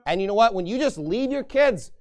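A man's voice: sits high, lively intonation, a little fast, darkish tone. A man pastor preaching a sermon in an emphatic, repetitive style.

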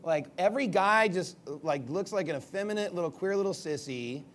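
A man's voice: high voice, lively intonation, fairly quick, slight background noise. A male pastor preaching a sermon off the cuff. He rambles at times and turns emphatic when he reads scripture.

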